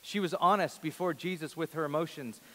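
A man in his thirties preaching a sermon in a large church, earnest, rising to loud emphasis and dropping to a hush. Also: a little high, a little fast, long reverb tail. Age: 30s. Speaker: pastor.

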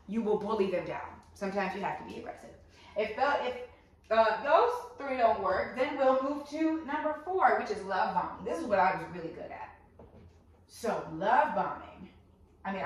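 Blunt, profane woman in an echoey room. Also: medium pitch. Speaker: host giving life advice. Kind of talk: casual advice talk to camera. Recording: very echoey room, voice far from mic.

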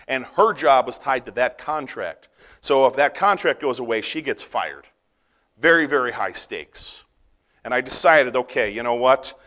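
Middle-aged American man, conference speaker, bright tone, animated storyteller who acts out voices. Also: mid-range voice, moderate pace. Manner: animated storyteller acting out quoted dialogue. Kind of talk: storytelling keynote talk.

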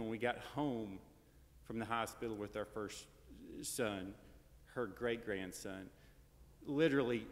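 A grandson giving a casual, anecdotal funeral eulogy in a large church, full of fillers and tag questions. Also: male voice, mid-range voice. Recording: long church reverb.

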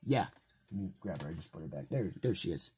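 A man's voice: deep voice, expressive, fast talker, a little mellow, husky, exaggerated voice. A man voicing a cheerful male mayor toy in a fan toy play, casual and upbeat as he announces news.

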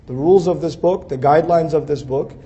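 A man speaks in a conversational lecture style, earnest and persuasive. His voice sits slightly high and has a mellow, relaxed tone. He drives his points home with repeated, emphatic phrases. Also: fairly quick, highs cut off. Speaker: speaker giving an Islamic talk.

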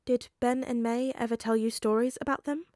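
A woman reading a fan story aloud, voicing a calm, controlled male FBI agent who speaks gently and evenly. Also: fairly high pitch, no room sound, clean studio sound, pitched above the performer's own voice, close to an everyday voice. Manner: gentle and measured.

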